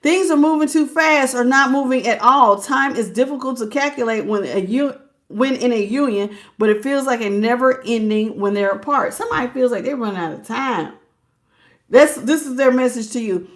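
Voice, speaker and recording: A woman with a slightly high voice chats through a live tarot reading. She laughs often and talks straight to her viewers in a loose, casual way. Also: normal speed. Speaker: tarot reader.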